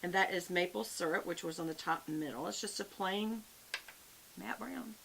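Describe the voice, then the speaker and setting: This gravelly, lowish voice belongs to an older beauty vlogger with a Southern US accent who talks at a moderate pace. She's chatty and folksy, addressing viewers as "y'all" while walking them through a makeup tutorial. A faint hiss sits in the background.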